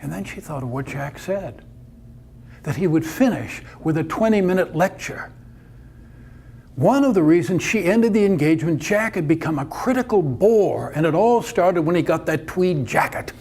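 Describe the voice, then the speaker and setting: Conversational male storyteller, slightly high voice. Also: expressive, moderate pace, a little mellow, husky. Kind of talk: told story narration.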